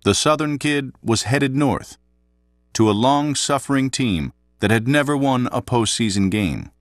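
A man giving scripted documentary narration in a measured, even delivery. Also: medium pitch, dry recording, studio quality. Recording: loud music bed underneath.

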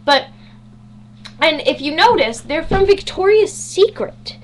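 A woman's voice: extremely high pitch, lively intonation, slow. A teenage girl chatting casually on a home vlog, bubbly and self-mocking with sarcastic asides. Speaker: vlogger. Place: home bedroom.

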